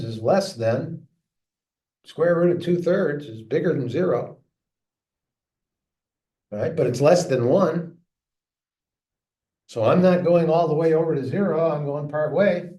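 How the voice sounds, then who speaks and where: A man's voice: medium pitch, lo-fi sound. A male math teacher working through problems aloud in a recorded lesson, chatty and talking to himself as he solves. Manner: thinking aloud, chatty and self-talking while solving. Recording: echoey room, mic far off.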